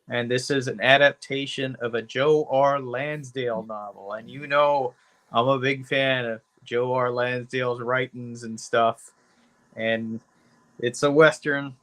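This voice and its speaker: A man's voice: medium pitch, a bit bright. A man co-hosting a podcast, reviewing movies in a laid-back, rambling chat full of "you know" and casual swearing. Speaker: podcast co-host.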